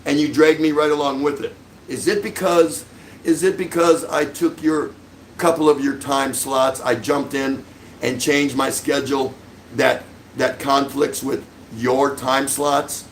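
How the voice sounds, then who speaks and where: A middle-aged livestream host lets loose an angry, sarcastic tirade packed with insults. His medium-pitched voice stays fairly even and unhurried, and the low-quality recording has slight background noise.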